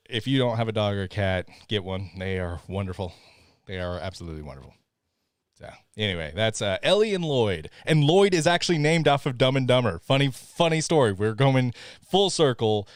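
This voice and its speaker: A man's voice: mid-range voice, expressive, normal speed, smooth, dry recording, studio quality. A man co-hosting a live podcast stream, chatting casually with plenty of laughter. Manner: playful, laughs often, talks to his dogs. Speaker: podcast co-host.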